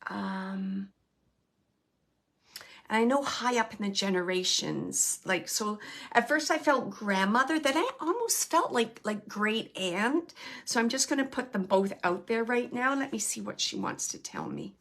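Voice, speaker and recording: A woman's voice: on the high side, very animated, unhurried, fairly bright tone. Earnest woman medium giving readings. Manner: earnest, repeats phrases, speaks straight to the sitter. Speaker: psychic medium and show host.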